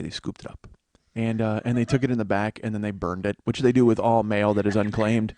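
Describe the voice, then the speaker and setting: A man's voice: on the low side, fairly even intonation, fast, darkish tone, dry recording. Male podcast host, comic storyteller, rambling and profane, dry close sound. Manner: rambling, profane, self-mocking. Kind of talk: comedic monologue.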